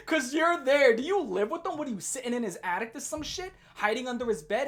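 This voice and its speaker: Young woman ranting on her channel, kinda high voice, swoops all over, swears a lot and laughs. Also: fairly quick, hardly any pauses. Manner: animated, profane, laughing often. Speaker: commentary channel host. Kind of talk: ranting commentary.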